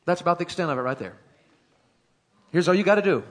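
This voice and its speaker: A middle-aged male preacher with a somewhat higher voice delivers a sermon in a folksy, joking manner. He talks plainly to the congregation and builds to emphatic, ringing high points. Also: expressive, quick pace. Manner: folksy, humorous, rising to emphatic climaxes.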